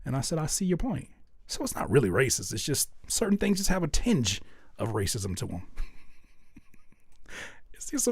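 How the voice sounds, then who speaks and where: Man, young adult, stream host; animated jokey chat, husky tone, dry close sound. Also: no room sound. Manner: animated, jokey, repeats himself, swings between loud outbursts and low mutters. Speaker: host reviewing music submissions. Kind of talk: casual livestream chat.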